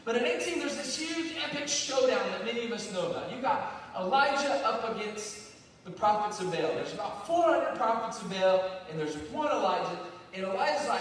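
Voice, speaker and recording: High-voiced preacher in an echoing hall. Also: male voice, moderate pace, slight background noise. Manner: lively storytelling, conversational and animated. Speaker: pastor. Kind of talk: sermon. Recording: echoey hall from far off.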